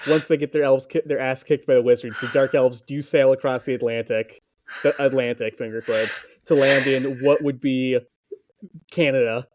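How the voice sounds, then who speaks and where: A man's voice: medium pitch, fairly even intonation, moderate pace, darkish tone, a little hiss or hum. A man co-hosting a podcast, riffing on fantasy lore in casual chat with plenty of swearing and jokes. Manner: profane, joking lore rambling. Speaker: podcast co-host.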